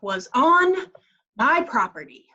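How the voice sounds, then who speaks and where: A woman reading aloud, voicing a bossy older woman who shouts and scolds. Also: sits high, sing-song, takes it slowly, exaggerated voice. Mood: sulky. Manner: loud, scolding. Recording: dull lo-fi recording.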